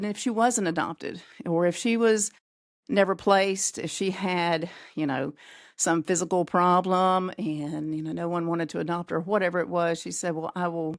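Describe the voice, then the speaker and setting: A middle-aged woman with a low voice tells a family story at a relaxed pace. She slips into the voices of the people she quotes and laughs often. The recording is dry and close. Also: dry recording. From North Carolina, USA. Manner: lively storyteller who acts out quoted voices, with frequent laughs. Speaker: podcast guest. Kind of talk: casual storytelling.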